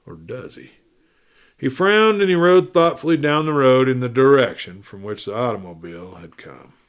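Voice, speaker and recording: A man hosting a storytelling show, reading a western novel aloud in steady, measured narration. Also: mid-range voice, clear, resonant tone. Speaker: storyteller host.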